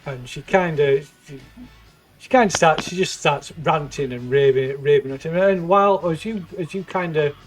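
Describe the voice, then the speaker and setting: A man narrating a tabletop role-playing game as game master, halting often to restart his sentences. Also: fairly high pitch, faint music behind. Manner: halting, full of ums and restarts.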